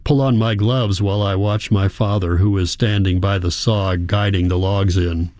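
Deep dude reading a story aloud, steady and even, super dry close mic. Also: male voice, moderate pace, hardly any pauses, no room sound. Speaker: audiobook narrator. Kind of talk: first-person scripted narration.

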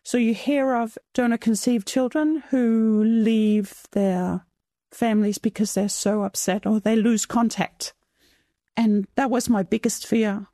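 A middle-aged woman answers an interviewer's questions, her voice pitched a little high and recorded close and dry. She speaks haltingly, searching for words as emotion rises in her. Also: fairly even intonation, dark tone, no echo. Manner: tearful, halting, reflective. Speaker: interviewee, mother of a donor-conceived child.

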